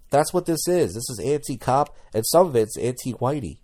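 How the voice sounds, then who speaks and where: A man's voice: mid-range voice, lively intonation, normal speed, a little mellow. A man talking in a casual commentary vlog as a YouTuber, rambling and blunt, with many restarts.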